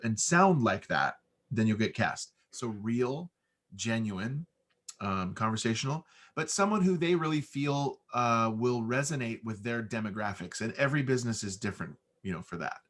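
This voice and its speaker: A relaxed American man with an unforced, guy-next-door way of talking. He chats easily in an interview, explaining his trade at a middle pitch. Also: normal speed. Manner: relaxed, conversational, easy-going. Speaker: voice-over artist. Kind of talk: casual interview talk.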